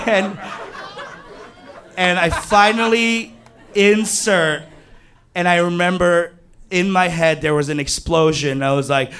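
A man doing stand-up storytelling, animated, jumping to high panicked yelps when he quotes himself. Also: a little slow. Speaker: stand-up comedian.

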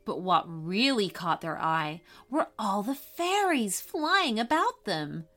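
A woman narrating a scripted children's story in a gentle, expressive way. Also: mid-range voice, faint music behind. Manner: gentle, slow and expressive reading.

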